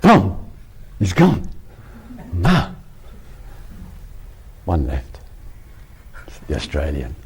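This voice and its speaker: Man, spiritual teacher, rambling talk, very lively pitch, slow pace. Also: background noise. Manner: rambling, laughing, many restarts.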